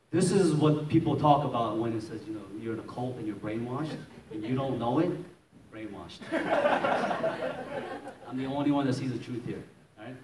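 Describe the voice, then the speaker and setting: Man preaching a lively testimony, roomy hall. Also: medium pitch, normal speed. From Maryland, USA. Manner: lively storytelling, acts out scenes, laughs often. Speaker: pastor. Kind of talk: testimony sermon. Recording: roomy echo, distant mic, faint noise.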